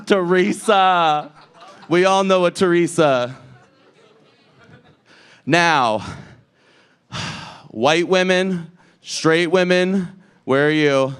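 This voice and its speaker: A man's voice: on the high side, very slow, pauses often, smooth. A man hosting a drag comedy show, doing stand-up crowd work on a club stage in a brash, profane way as he teases the audience.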